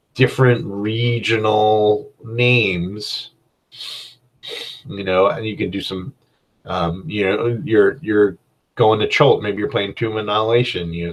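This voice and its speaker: A man hosting a casual solo podcast as a game master, giving rambling, conversational advice and often restarting his sentences. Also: fairly low pitch.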